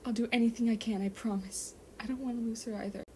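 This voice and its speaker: A woman voicing an anxious, caring female medic in a fan fiction reading, speaking in a worried, hushed and breathy way. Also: a little high, fairly even intonation, fast, slight background noise, natural voice. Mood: tearful. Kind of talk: fan fiction read aloud.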